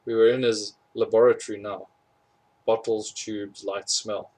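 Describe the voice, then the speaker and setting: A man's voice: lowish voice, little pitch movement, normal speed, darkish tone, low-quality recording. A man reading a storybook chapter aloud, amused by the story and correcting his own slips as he goes. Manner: amused, chuckles at funny parts, corrects slips. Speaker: audiobook reader.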